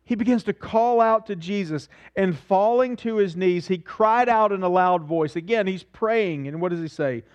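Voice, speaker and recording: A man's voice: high-pitched, moderate pace, few pauses, highs cut off. A man preaching a sermon as pastor, speaking earnestly, asking his listeners questions and repeating phrases for emphasis.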